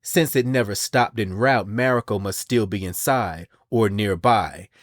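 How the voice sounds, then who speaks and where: A sly woman assassin speaks coolly, taunting the person she is after. A man with a low voice reads her part. The sound is close and dry. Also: measured pace, dry recording. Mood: menacing. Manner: cool, taunting.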